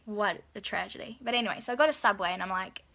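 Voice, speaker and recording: A woman's voice: mid-range voice, quick pace, bright, forceful tone. A woman telling a personal story in a chatty vlog, full of "like" and "you know". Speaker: vlogger.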